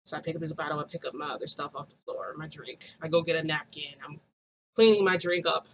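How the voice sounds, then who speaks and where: A woman's voice: low voice, steady tone, quick pace, slight background noise, poor audio. A woman telling a long personal story in casual vlog style, rambling with lots of fillers and frequent laughs. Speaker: vlogger.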